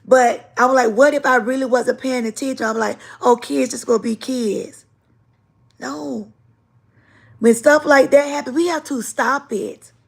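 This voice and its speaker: A woman's voice: high voice, normal speed, creaky, slightly rough. A woman hosting a casual livestream, telling stories in an emphatic, repetitive way. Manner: animated, emphatic storytelling with repetition. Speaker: livestream host and teacher.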